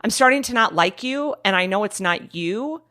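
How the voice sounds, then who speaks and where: Animated woman in her forties, storytelling. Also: medium pitch, moderate pace. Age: 40s. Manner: animated storyteller, lively and laughing, trails off mid-thought. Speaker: guest actor. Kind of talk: casual podcast conversation.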